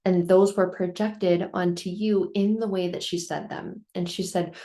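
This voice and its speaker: A middle-aged woman with a fairly low voice tells a personal story in a reflective way. She is earnest and emphatic, and repeats key phrases to drive her point home. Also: fairly even intonation, unhurried, hardly any pauses, warm tone. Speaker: vlogger telling a life lesson.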